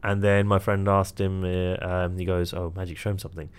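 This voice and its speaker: Low-voiced man telling stories. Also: brisk, smooth. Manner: animated storyteller, quotes others, laughs often. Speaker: magician and entertainer. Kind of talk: casual chat.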